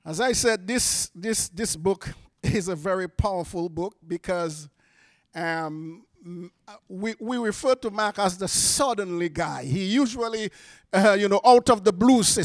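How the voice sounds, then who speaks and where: A man preaching as a guest speaker, delivering a prophetic word, reading scripture and praying in a hushed voice, with emphatic repetitions and restarts. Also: sits high, measured pace, dry recording, clean studio sound. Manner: soft hushed prayer. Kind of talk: sermon with prophetic word and prayer.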